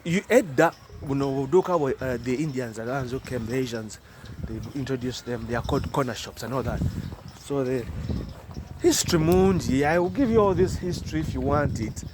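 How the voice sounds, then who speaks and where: Over a noisy background, a man with a Ugandan accent and a mid-range voice chats to camera at normal speed. He's a vlogger outdoors in the cold, casually mixing English and Luganda and tossing in laughing asides.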